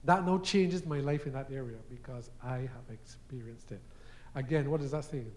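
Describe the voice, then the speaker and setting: A man's voice: mid-range voice, moderate pace. A man preaching a sermon, telling everyday stories and acting out quoted voices, sometimes repeating words as he goes. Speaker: guest preacher. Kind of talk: sermon teaching.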